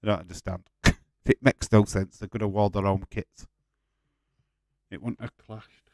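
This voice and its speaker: A man talks loosely on a live stream in a fairly low voice, rambling and swearing as he reacts to his viewers. The sound is dry and close to the microphone, with no room around it. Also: fairly even intonation, unhurried, gravelly, no room sound. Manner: swears freely, rambling, laughs often. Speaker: streamer host of a watch-along. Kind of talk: casual live-stream chat reading viewer comments.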